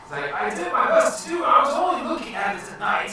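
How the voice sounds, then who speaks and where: A man's voice: extremely high pitch, sing-song, fast, sharp tone, slight background noise, pitched above the performer's own voice, exaggerated voice. A man voicing a meek, middle-aged bearded human arcanist caught stowing away, pleading and flustered. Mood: flustered explaining. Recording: echoey room, far from mic.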